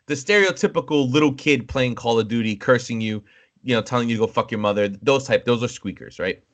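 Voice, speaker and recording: A young man co-hosting a podcast, chatting casually and telling animated stories with acted-out quoted voices and some swearing. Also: medium pitch, brisk. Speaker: podcast co-host. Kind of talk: casual chat.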